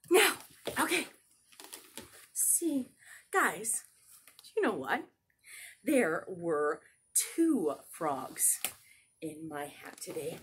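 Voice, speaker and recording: A woman leading a children's story time, talking in an animated, coaxing way to small kids. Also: on the low side, drawn-out words, pauses often, breathy edge.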